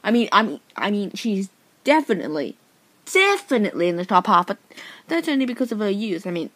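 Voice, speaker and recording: A woman's voice: medium pitch, very animated, fairly quick, a bit bright, dry recording. A woman playing a tactless best man in a comedy sketch, stammering and repeating herself as she talks. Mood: blunt. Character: smug, unkind best man at a wedding.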